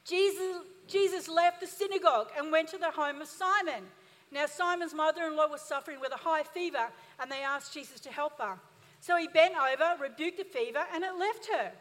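Woman pastor, very high voice, emphatic call-and-response sermon, long hall reverb. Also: brisk, a bit bright.

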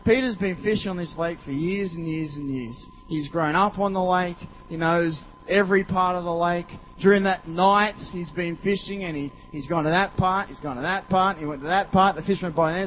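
A man's voice: high voice, slight background noise. A man preaching a sermon in a rambling, conversational way, full of fillers. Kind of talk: sermon storytelling. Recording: dull lo-fi recording.

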